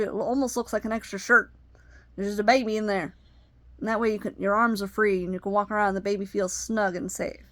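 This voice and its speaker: A middle-aged woman telling personal family stories, rambling with many ums and you-knows, her voice climbing high and loud when she gets worked up. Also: dry recording. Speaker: vlogger. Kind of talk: personal storytelling.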